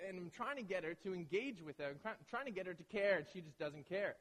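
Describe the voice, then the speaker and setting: Higher-voiced male preacher in an echoey hall. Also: fast, hardly any pauses. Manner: lively storytelling, acting out people's voices. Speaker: pastor. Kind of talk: sermon. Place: large hall with an audience of about a hundred.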